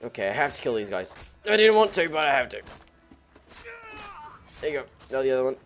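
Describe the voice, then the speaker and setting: A man's voice: mid-range voice, sing-song, fast talker, a bit bright. A man giving casual, joking commentary while playing a video game, laughing often and mumbling when he thinks aloud. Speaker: gameplay commentator. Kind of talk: casual let's play commentary.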